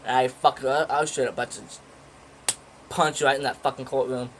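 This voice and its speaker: A teenage boy tells a story in a loose, rambling way, swearing often and restarting his sentences. His voice sits at an ordinary middle pitch. A faint ambient hiss is heard under him. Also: steady tone, fairly quick, poor audio. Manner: rambling, profane, with many fillers and restarts. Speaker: vlogger. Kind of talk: casual storytelling.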